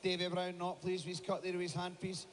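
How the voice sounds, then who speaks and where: A man calls the action in quick, running play-by-play. His voice sits high but barely moves in pitch, a steady monotone chant. It carries over a PA through a big, reverberant show hall with a faint murmur of the crowd behind. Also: a little hiss or hum. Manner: rapid play-by-play, urging the crowd to cheer. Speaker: shearing commentator. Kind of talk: live sports commentary.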